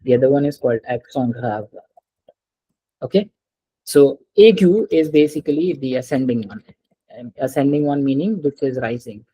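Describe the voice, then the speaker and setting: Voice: mid-range voice, expressive, moderate pace, dark tone, breathy edge, rough recording. A teacher giving an online French class over a video call, patiently repeating words and calling on students.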